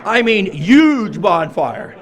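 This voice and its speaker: A man's voice: sits high, big pitch swings, slow pace. A man speaking at a recovery meeting, telling his own story with wry, self-mocking humor and frequent laughs, in a meeting room.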